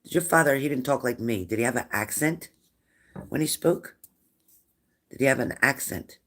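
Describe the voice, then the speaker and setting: A man's voice: medium pitch, moderate pace, a bit bright. A man hosting a live-stream spirit reading as a medium, who asks viewers the same probing questions again and again. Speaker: psychic medium.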